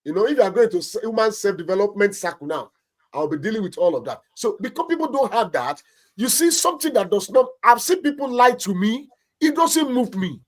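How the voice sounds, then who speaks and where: A Nigerian-accented man, a pastor who counsels couples, delivers forceful marriage advice on a talk show, acting out small anecdotes in a preacherly way. His voice sits high with big pitch swings, and he talks fairly quickly.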